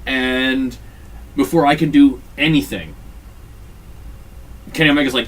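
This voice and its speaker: This podcast host has a medium pitch and a measured delivery with long pauses, captured from a distance. Recapping a wrestling game, he's animated and foul-mouthed, casually acting out what people said.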